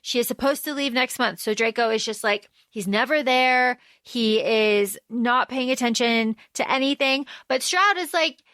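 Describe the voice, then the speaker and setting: A woman co-hosting a casual fan podcast, talking fast and acting out quoted lines in shifting voices. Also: dry recording. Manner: animated, acts out quoted lines in lower or higher voices. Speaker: podcast co-host.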